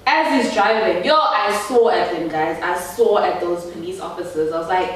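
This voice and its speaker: A woman's voice: lowish voice, normal speed, hardly any pauses. A young South African woman telling a storytime vlog, chatty and laughing as she talks straight to her viewers. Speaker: YouTuber. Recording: echoey room, voice from a distance.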